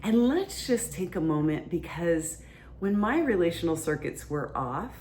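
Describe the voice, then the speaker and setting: A woman's voice: on the low side, sing-song, unhurried, a little mellow, a little hiss or hum. A woman hosting a podcast, explaining relationship ideas in a casual, conversational teaching style. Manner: conversational, explains plainly with fillers.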